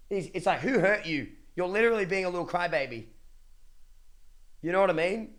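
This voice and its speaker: A man's voice: high-pitched, expressive, normal speed, fairly bright tone. A young man ranting casually to his livestream chat, blunt and profane, with many restarts. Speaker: streamer.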